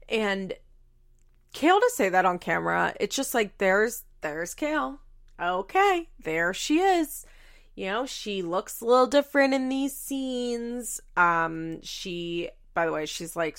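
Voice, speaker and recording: A woman's voice: lowish voice, vocal fry, fairly bright tone. A young adult woman hosting a podcast, chatting casually with lots of fillers and the odd swear. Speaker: podcast host. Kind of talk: casual chat.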